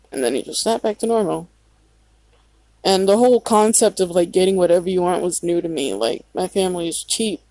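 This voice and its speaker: A woman's voice: medium pitch, moderate pace, dark tone, no echo, low-quality recording. A woman telling a story in a casual vlog. She rambles, swears often and trails off mid-thought. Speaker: vlogger.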